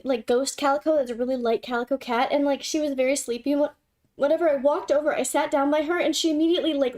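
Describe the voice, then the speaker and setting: A woman's voice: sits high, darkish tone. A young woman hosting a casual livestream, giggly and gushing, swearing casually as she chats. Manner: giggly, swears casually, gushes over her cat. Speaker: livestream host.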